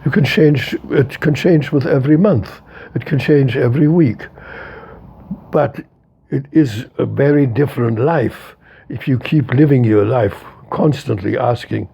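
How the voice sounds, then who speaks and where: Speaking unhurriedly in a creaky, dark, slightly rough voice of medium pitch, a man in his eighties gives a reflective interview. As a philosopher, he stresses points by repeating them and lets his emotions come through plainly.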